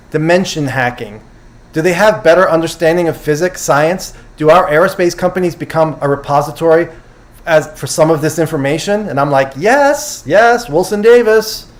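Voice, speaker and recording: A man hosting a casual livestream, recapping a conference and taking questions from his audience. He loosely paraphrases what speakers said and often corrects himself. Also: a little high. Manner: chatty, quotes speakers loosely, self-correcting. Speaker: host summarizing a conference.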